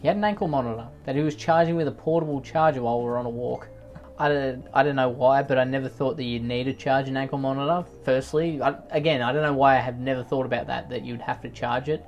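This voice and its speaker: A man doing comedic commentary on read-out posts, reacting in exaggerated rants with sudden loud outbursts. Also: medium pitch, quick pace, highs cut off.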